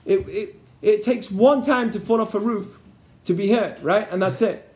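A man's voice: high-pitched, normal speed, darkish tone. A man, a rabbi, teaching an interactive lesson and often checking in with his listeners. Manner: keeps checking in with the class. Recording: echoey room.

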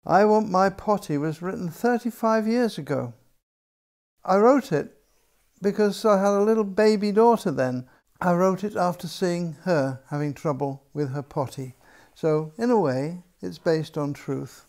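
An older man, a children's author, reading his own picture book aloud in a gentle storytelling manner. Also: sits high, a little slow.

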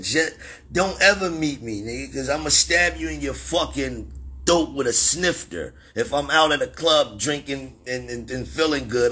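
Man, middle-aged, rapper, husky voice, angry profane rant, phone livestream. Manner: angry, profane, threatening tirade that jumps into sudden high shouts.

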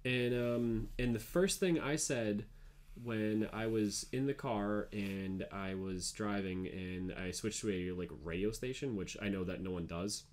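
A man's voice: on the low side, a little slow, darkish tone. A man hosting a podcast in casual chat, rambling with fillers and laughing at his own jokes. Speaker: podcast host.

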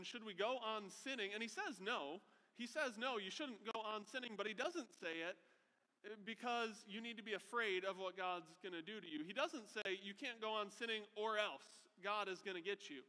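A man's voice: high-pitched, sharp tone, in a large hall. A man preaching a sermon as pastor, conversational, often checking in with a rhetorical "right?".

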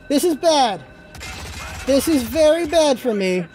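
A let's play host giving excited gameplay commentary, yelping, swearing freely and repeating words in rapid bursts. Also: high voice, faint music behind. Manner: swears freely when things go wrong.

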